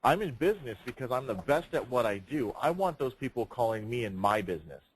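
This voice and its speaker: A man's voice: medium pitch, sing-song, fairly quick. A man leading a sales training session, speaking emphatically, projecting his voice and firing rhetorical questions. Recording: noisy room recording.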